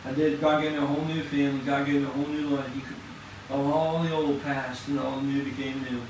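A man giving an impassioned testimony sermon at church, talking fast and casually with slang. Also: mid-range voice, little pitch movement, background noise. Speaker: church class leader. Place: church hall. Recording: very echoey hall, distant mic.

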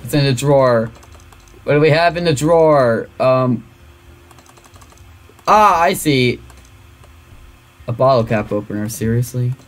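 A young man giving excitable, rambling commentary as he plays a computer game. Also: mid-range voice, a little slow, long pauses. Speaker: gaming youtuber. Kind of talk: casual let's-play commentary.

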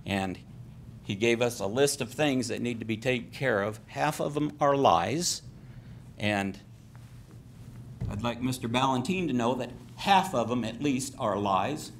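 A man's voice: medium pitch, measured pace, a little hiss or hum. An older man speaking as a public commenter at a city council meeting, aggrieved and emotional. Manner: aggrieved, grows agitated and emotional.

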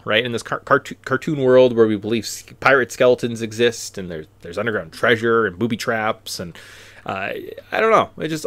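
Lively-voiced podcast host man. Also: mid-range voice, no room sound. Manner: rambling, tag questions. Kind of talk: casual chat. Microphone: podcast mic.

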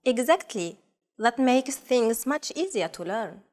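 A woman co-hosting a language lesson, saying example words slowly and clearly for learners to repeat. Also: on the high side, animated, darkish tone. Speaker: co-host and pronunciation model. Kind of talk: slow model pronunciation for repetition.

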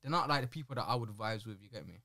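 A young man talks fast on a casual podcast, his bright, sharp voice jumping lively in pitch. He throws in loud teasing outbursts between slangy chat. The sound is dry. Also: creaky. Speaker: podcast guest, YouTuber.

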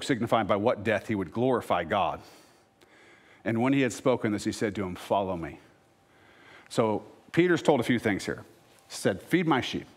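A man's voice: mid-range voice, slightly rough. A male pastor preaching a sermon, reading scripture aloud and voicing quoted lines with dramatic emphasis. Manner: rises to emphatic, louder lines.

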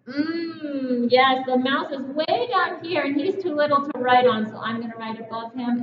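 A woman teaching kindergartners a reading lesson, speaking in a slow, encouraging teacher voice and stretching out the sounds of words. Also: sits high, a bit bright. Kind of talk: slow, clear reading lesson for young children. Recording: slightly dull, roomy home recording with faint noise.

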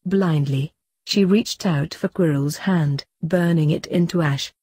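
A woman reading fanfiction aloud in a steady, even narration. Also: sits low, a little slow, slightly rough, no echo. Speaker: fanfiction reader.

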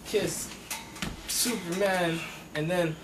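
A young man joking crudely with friends in a room, yelping and shouting now and then. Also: high voice, slow, far from the mic. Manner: loud, crude, joking, bursts into yelps and shouts. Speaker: friend filming a home video. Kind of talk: rowdy casual banter. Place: indoor room. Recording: noisy home camcorder audio.

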